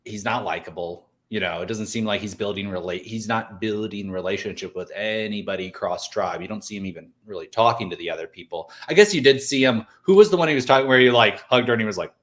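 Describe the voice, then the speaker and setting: A man co-hosting a casual talk show, rambling and halting as he talks. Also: lowish voice. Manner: rambling, halting, many fillers. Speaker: podcast co-host. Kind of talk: casual chat.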